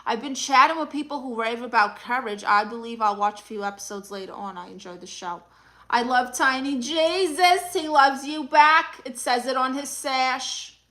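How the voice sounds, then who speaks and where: Bright-voiced woman with a New York accent. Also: high-pitched, moderate pace, poor audio. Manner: dry, deadpan quips. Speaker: livestream host playing an aunt. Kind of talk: comedic livestream chat reading comments.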